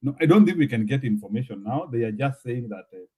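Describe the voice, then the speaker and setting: A man's voice: mid-range voice, lively intonation, fast, darkish tone, husky. A Kenyan man hosting a casual chat, joking and laughing often as he mixes English and Swahili.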